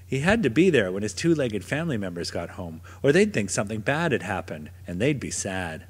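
A man reading a children's picture book aloud in a gentle, expressive storytelling manner. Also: lowish voice, a little fast, husky. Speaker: storybook narrator. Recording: long reverb.

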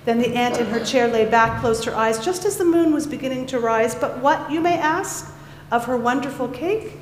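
A woman's voice: on the high side, moderate pace, a crowd in the background. A woman reading a rhyming children's story aloud at a family worship service, coaxing her young listeners along. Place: large synagogue sanctuary. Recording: echoey hall with faint ambience.

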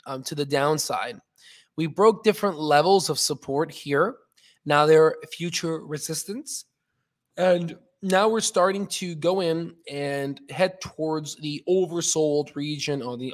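A man hosting a stock market channel, walking through a chart in casual, rambling talk full of fillers and restarts, sounding a bit tired. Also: on the high side. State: yawning, tired.

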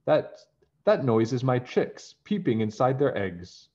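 Kind mama hen, done by a guy, gentle and soothing, swoopy pitch, dull recording. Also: very animated, a little slow. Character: motherly hen, calm and kind.

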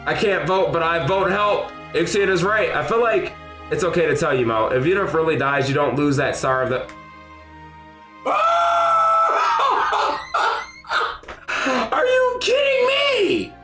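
Excitable high-voiced male streamer. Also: takes it slowly, reverberant. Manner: excitable, shouts and laughs often, talks to chat. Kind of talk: live gameplay stream chat. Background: faint game music.

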